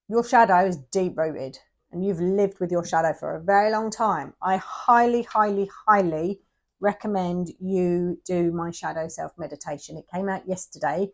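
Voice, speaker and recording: A woman's voice: fairly low pitch, vocal fry, a little mellow. Tearful woman reading tarot. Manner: emotional, addresses viewer directly, often drops to a whisper. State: close to tears. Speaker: tarot reader.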